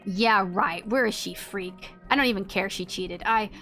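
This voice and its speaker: A woman's voice: mid-range voice, normal speed, a bit bright, natural voice. A hotheaded young male student who snaps and swears, read aloud by a woman in a near-everyday voice. He is pushy and crude. Faint music sits behind him. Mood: angry. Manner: aggressive, swearing. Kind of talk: reading game dialogue aloud.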